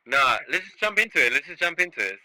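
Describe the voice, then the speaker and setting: Slangy South African guy, bright voice. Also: a little high, big pitch swings, quick pace, dry recording, low-quality recording. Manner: loose, slangy, hyping up bandmates. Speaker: band member guest. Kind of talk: casual chat.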